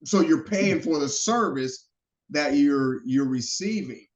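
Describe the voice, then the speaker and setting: A man guesting on a podcast, telling stories in a lively, animated way and acting out the quotes. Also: fairly high pitch, slow. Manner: animated storyteller who acts out quotes. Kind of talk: casual storytelling chat. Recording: roomy, slightly dull sound.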